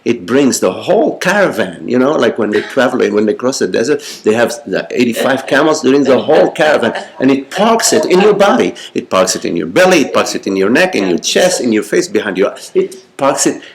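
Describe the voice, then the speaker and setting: An older man with a low, gravelly voice answers questions in a meditative talk. His phrasing halts and circles back on itself, often checking in with "you see." He speaks gently, as a spiritual teacher.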